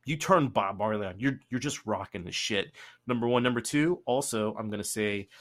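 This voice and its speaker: Man, young adult, podcast host, casual chat, rambling, jokey, lowish voice. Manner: rambling, jokey, quick asides.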